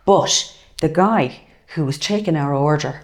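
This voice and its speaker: A woman co-hosting a casual chat show, telling lively stories. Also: low voice, measured pace. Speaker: co-host.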